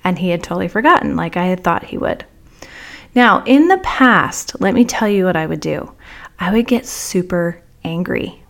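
A woman's voice: on the low side, moderate pace, creaky. Woman telling a personal story. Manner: animated, acts out quoted dialogue. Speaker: podcast host.

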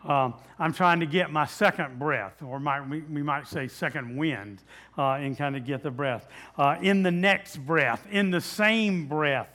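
A man's voice: on the high side, a little slow, sharp tone. A man preaching a sermon as pastor, in a conversational way with many fillers and restarts, asking the audience questions.

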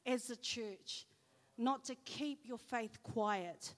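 A woman's voice: fairly high pitch, slow pace. A woman giving a chatty church sermon, telling personal stories with lots of fillers. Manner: chatty, animated storytelling with fillers. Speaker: church speaker. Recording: hall reverb.

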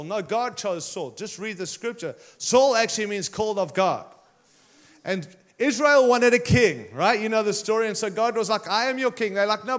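High-voiced preacher telling a story. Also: male voice. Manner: energetic, conversational storytelling preaching. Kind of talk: sermon.

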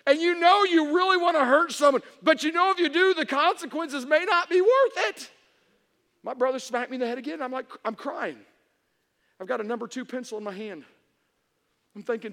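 A man preaching a humorous sermon to a congregation, telling stories in an animated way that swings from hushed to shouting. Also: extremely high pitch, a little fast, creaky. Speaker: pastor. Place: church hall before an audience. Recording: reverberant hall.

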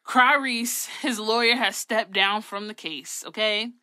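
A woman's voice: a little high, fairly even intonation, measured pace, bright, forceful tone, no echo. A woman co-hosting a casual gossip chat, sassy, blunt and profane. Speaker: podcast co-host.

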